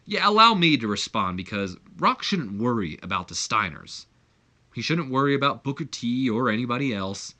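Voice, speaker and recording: A man's voice: medium pitch, sing-song, normal speed, sharp tone. A man voicing a cocky male wrestling promoter who talks in a smug, boastful way. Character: cocky male wrestling company owner, arrogant.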